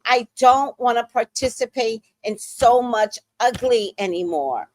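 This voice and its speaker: A woman's voice: a little high, measured pace, darkish tone, no echo. A woman giving blunt, profane, angry celebrity gossip commentary as a show host.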